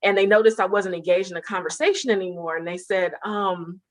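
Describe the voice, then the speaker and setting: A woman telling how she met her partner in a casual interview, animated and laughing as she goes. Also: medium pitch, a little fast. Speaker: interview guest.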